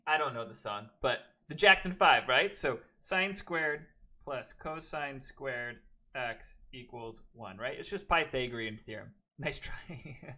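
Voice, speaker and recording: During a classroom math lecture, a man works the steps out loud and cracks chatty jokes at his students in between. He has a medium pitch and an animated delivery, slow in pace, with a bright, forceful tone.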